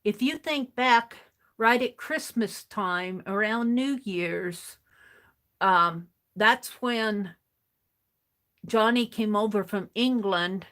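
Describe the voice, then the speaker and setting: A woman hosting a casual livestream, reading viewer comments aloud, chuckling often and thinking out loud. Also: mid-range voice, slow pace, rough recording. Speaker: livestream host.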